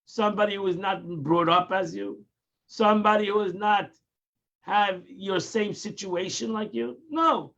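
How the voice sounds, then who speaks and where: A man's voice: high voice, measured pace, fairly bright tone, muffled recording. A man teaching a daily Tanya lesson, explaining patiently, repeating and restarting phrases and mixing in Hebrew terms. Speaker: Torah teacher.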